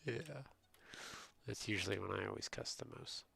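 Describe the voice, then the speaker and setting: Gravelly low-voiced man chatting casually. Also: normal speed, pushed and bright. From United States. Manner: rambling, chatty storytelling, reads and answers chat. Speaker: streamer. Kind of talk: casual chat.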